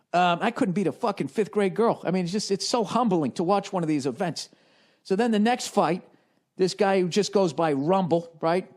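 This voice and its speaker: A man in his forties with a Boston accent, telling a rambling, profane comic story on his podcast and mimicking the people in it. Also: fairly high pitch. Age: 40s. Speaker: comedian and podcast host.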